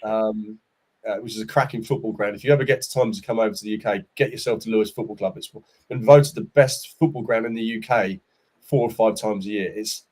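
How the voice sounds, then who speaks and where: A man's voice: on the low side, fairly quick, a little mellow. Candid chatty man in his forties. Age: 40s. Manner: chatty, candid storyteller with casual slang. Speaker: startup CEO, podcast guest. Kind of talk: casual interview chat.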